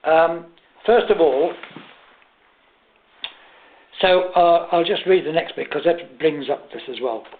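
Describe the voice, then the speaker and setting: Brief: older English lecturer, halting, wry; tinny, echoey recording. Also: male voice, on the high side. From England. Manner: hesitant, self-mocking, humorous. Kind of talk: lecture with anecdotes. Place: lecture room. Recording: tinny echoey room recording, faint hiss.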